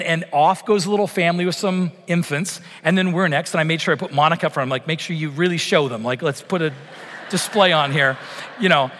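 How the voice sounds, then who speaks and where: A male pastor delivers a storytelling sermon, his voice sitting a little high for a man. He slips into lively, acted-out quotes as he tells the story. The sound carries a long reverb tail from a large hall. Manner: storytelling, animated when acting out quotes.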